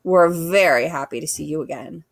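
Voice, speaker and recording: A woman's voice: on the low side, animated, normal speed, no room sound, studio quality. A woman voicing a bossy, sarcastic young female bear who snarls her threats.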